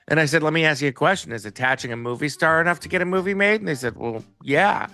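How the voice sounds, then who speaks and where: A man's voice: fairly high pitch, fast talker, few pauses, no room sound. A man telling a personal story in a casual way, acting out the voices of the people in it. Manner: animated, acts out quoted dialogue. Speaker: guest storyteller.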